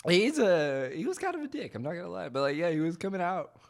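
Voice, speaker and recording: A man's voice: high voice, big pitch swings, fast. A man hosting a casual chat and telling loose, profane bartender stories. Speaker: podcast host and bartender.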